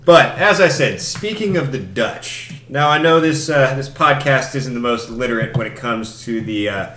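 A man co-hosting a casual sports podcast, talking in animated, swearing bursts. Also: mid-range voice, moderate pace. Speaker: podcast co-host. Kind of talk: casual sports chat over drinks. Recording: roomy echo with faint background noise.

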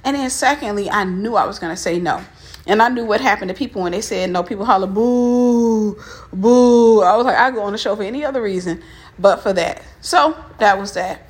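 Husky-voiced woman telling a story. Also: mid-range voice, fast. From Mississippi. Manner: candid, frank, addresses listeners directly; walking up stairs while talking. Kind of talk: casual personal storytelling.

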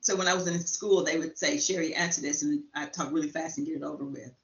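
A woman guest in a casual chat, talking fast and animatedly as she tells a story. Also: low voice, steady tone, a bit bright. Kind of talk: casual chat, telling an anecdote. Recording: roomy, slightly dull sound.

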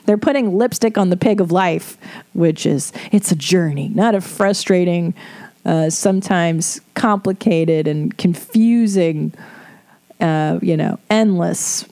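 Middle-aged woman, mellow warm voice, casual advice chat, blunt and profane, laughs a lot. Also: on the low side, takes it slowly. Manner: frank, swears freely, laughs often. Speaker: podcast host giving advice.

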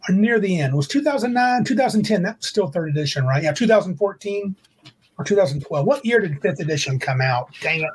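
Husky higher-voiced man rambling casually. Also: expressive, fairly quick, rough recording. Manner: rambling, self-correcting, reads quotes aloud. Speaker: podcast co-host. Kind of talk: casual livestream chat.

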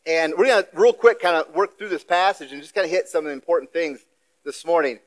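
A man giving a sermon as a guest preacher in a church, talking in a relaxed, conversational way with casual asides. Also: a little high, brisk, poor audio. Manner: conversational, self-deprecating asides.

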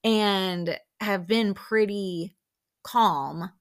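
A woman's voice: medium pitch, drawn-out words. A young woman hosting a podcast, casually recapping a reality show with lots of "like" fillers and acted-out quotes. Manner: chatty, many "like" fillers, acts out quotes.

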